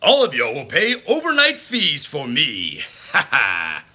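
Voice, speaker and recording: A man voicing a gruff, bullying male cartoon cat villain in a loud, boastful, taunting manner, as an impression on a livestream. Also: fairly high pitch, huge pitch swings, a little slow, heavily acted.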